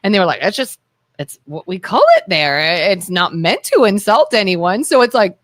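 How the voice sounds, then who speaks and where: A woman co-hosting a casual talk radio show, telling stories in a chatty way and chiming in with quick agreement. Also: medium pitch, expressive, dry recording. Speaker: co-host. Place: radio studio.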